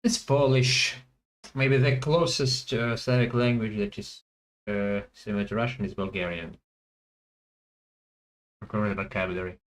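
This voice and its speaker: A man thinking aloud as he plays a language guessing game, hesitant and full of pauses and fillers. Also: lowish voice, fairly even intonation, low-quality recording. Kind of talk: thinking aloud while playing.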